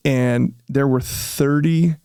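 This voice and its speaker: A man, a real estate developer being interviewed, telling his story in a casual, animated way and often acting out what he said at the time. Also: medium pitch, slow, clear, resonant tone, no room sound, studio quality. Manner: animated, reenacts his own past remarks, frequent fillers.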